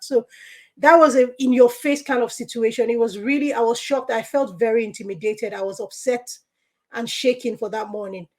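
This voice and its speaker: This is a woman who works as a GP, talking as a guest on a live careers session. She speaks earnestly and conversationally, with a slightly high pitch and plenty of "you know" fillers. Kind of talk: conversational talk sharing experiences.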